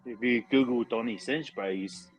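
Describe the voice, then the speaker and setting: A man's voice: mid-range voice, moderate pace, slightly rough, highs cut off. A man in his forties from New Zealand, a former rugby league player, talking as a podcast guest in a laid-back, rambling way with lots of fillers. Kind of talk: casual interview chat. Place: podcast studio.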